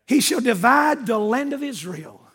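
A man's voice: very high voice, big pitch swings, measured pace, a bit bright, husky. An older man preaching a sermon, emphatic and calling out to his congregation, mixing scripture reading with personal stories. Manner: storytelling with quoted dialogue. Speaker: pastor.

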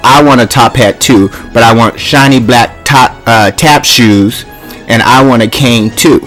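A greedy kid, played by a man, rambles through his wish list for Santa in a flat, deadpan voice. The pitch sits in the middle range. Faint music plays underneath. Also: measured pace, close to an everyday voice. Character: scheming boy Buster asking Santa for loot.

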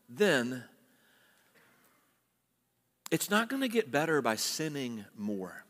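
Slow, earnest preacher in a reverberant hall. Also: male voice, mid-range voice, sing-song. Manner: earnest, exhorting, rises with emphasis. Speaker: pastor. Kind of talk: sermon. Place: church sanctuary.

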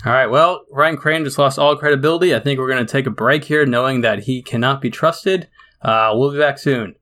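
Brief: teasing male podcast host, bright voice, playful banter. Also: medium pitch, fairly quick, slight background noise. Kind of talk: podcast chat.

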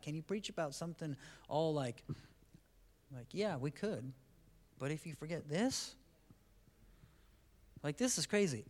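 Male pastor, sermon at a church service: casual and animated, higher voice, big swings in loudness. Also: normal speed, pauses often. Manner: animated, conversational preaching that swings from quiet to loud.

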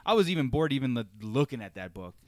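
A man's voice: medium pitch, big pitch swings, fast, a little mellow, dry recording, studio quality. A man co-hosting a casual podcast chat, agreeable and chatty, often repeating words as he talks. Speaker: podcast co-host.

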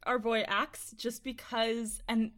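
A woman's voice: fairly high pitch, flat delivery, slow pace, fairly bright tone. A woman co-hosting a podcast in casual chat, self-mocking and laughing mid-sentence. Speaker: podcast co-host.

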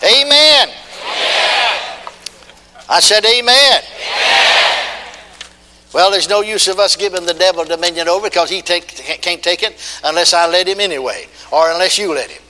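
Bright high-voiced older preacher, echoey hall. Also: male voice, fairly quick, few pauses, a faint crowd, slight background noise. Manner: emphatic, repetitive, leads call-and-response. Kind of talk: sermon. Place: church.

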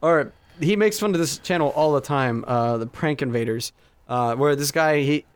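A young man with a slightly raised voice, talking loosely and rambling through a story full of fillers. He keeps jumping back to rephrase himself, casual and animated. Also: a little high, moderate pace, clear, resonant tone. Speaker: podcast co-host. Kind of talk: casual chat.

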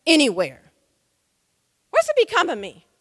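A woman's voice: sits high, huge pitch swings, a little slow, fairly bright tone, no room sound, studio quality, long reverb tail, heavily acted. Woman voicing a desperate young man, insistent. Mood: angry. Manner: insistent, pleading, repeats himself.

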